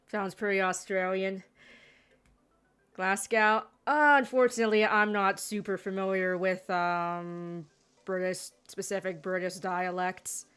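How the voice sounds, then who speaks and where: A woman's voice: medium pitch, steady tone, measured pace, fairly bright tone, smooth. A woman giving casual gameplay commentary, rambling with sarcastic asides. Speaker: gaming streamer.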